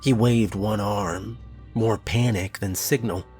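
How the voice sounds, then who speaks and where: A man reading a scripted horror story in a measured storytelling manner. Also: lowish voice, steady tone, darkish tone, faint music behind. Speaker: narrator.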